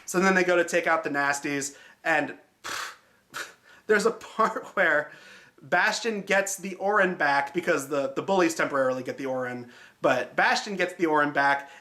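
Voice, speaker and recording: A man's voice: fairly high pitch, moderate pace, sharp tone. A man hosting a film review show, talking casually and sarcastically and swearing often. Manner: sarcastic, swears freely, mocking.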